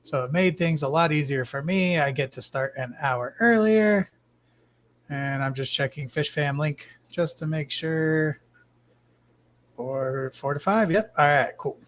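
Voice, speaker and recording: A man hosting a casual live stream from his fish room, greeting chat viewers by name in a relaxed way. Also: a little high, unhurried. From Arizona, US. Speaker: livestream host.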